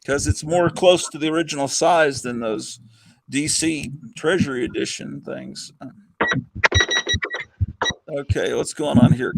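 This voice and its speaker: A man's voice: fairly high pitch, a little slow, gravelly, pauses often, noisy background. An older man hosting a casual chat, rambling with fillers and chuckles. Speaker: host.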